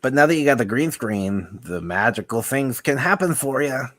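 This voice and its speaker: A man's voice: medium pitch, animated, moderate pace, a bit bright, dry recording. A man chatting casually on a livestream, giving rambling tips with many fillers and reading search results aloud. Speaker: guest giving advice.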